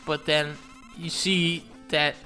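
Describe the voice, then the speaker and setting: A man's voice: a little high, level tone, takes it slowly, pushed and bright, faint music behind. A young man telling a rambling, profane comic story over gameplay, stammering through runs of "and then" and making sound-effect noises. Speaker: gaming comedian narrating.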